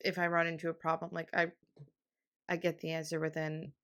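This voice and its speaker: A woman's voice: deep voice, completely flat delivery, brisk, a bit bright. Bubbly rambling young woman. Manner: rambling, bubbly, lots of fillers and laughs; emotional, on the verge of tears. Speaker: podcast host. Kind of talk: casual solo chat.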